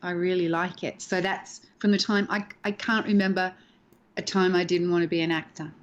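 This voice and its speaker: Animated storytelling woman. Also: fairly low pitch, moderate pace, lo-fi sound. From Australia. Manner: animated storyteller, acts out quoted voices. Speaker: actress interviewed as guest. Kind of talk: casual chat, storytelling. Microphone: video call.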